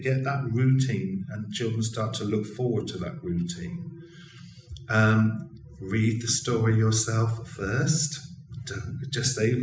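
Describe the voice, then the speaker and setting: A man with a lowish voice, an educational consultant and storyteller, speaks as an interview guest in a conversational exchange. He's expressive and earnest, often restarting his sentences. The mic sits distant in a roomy space, picking up faint ambience and slight background noise.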